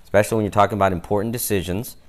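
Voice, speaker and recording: A man's voice: lowish voice, fairly even intonation, rapid-fire. A man preaching a sermon in a conversational way, often adding "right?" and briefly acting out quoted exchanges. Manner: conversational, often adds "right?" to each point; acts out little quoted exchanges in passing.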